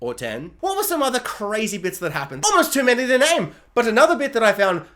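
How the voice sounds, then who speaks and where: Casual male reviewer, sarcastic and rambling, lively swooping delivery. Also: very high voice, quick pace. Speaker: video reviewer.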